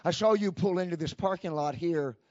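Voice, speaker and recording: A man's voice: sits high, fairly quick, no echo, dull audio, natural voice. A man preaching a sermon voices a young servant girl who insists she saw someone, repeating her claim. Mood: accusing. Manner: insistent and repetitive.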